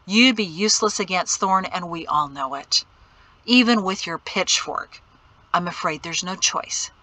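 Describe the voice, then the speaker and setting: A tense, low-voiced father who speaks in hushed, clipped warnings, as a woman reads him in an audiobook. The tone is bright and the recording is dry and close, with an unhurried delivery. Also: dry recording. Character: stern worried father, middle-aged man. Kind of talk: audiobook character reading.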